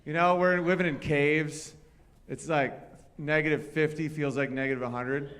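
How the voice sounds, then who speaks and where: A man's voice: on the high side, steady tone, normal speed, a bit bright. A man performing a brash, profane stand-up comedy set at a live venue.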